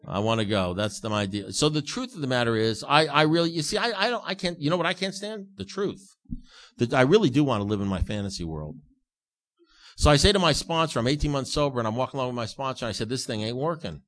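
A man's voice: mid-range voice, fairly bright tone. A man telling stories to a recovery group in an emphatic, repetitive, self-mocking way. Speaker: recovery meeting speaker. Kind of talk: storytelling talk to a group.

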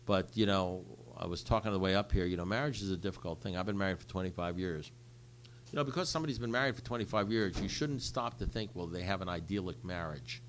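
An older man with a somewhat low voice speaks to a group about his own recovery. His delivery is blunt and conversational, and he often repeats a phrase to drive it home. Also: fast talker, a little hiss or hum. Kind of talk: personal recovery story told to a group.

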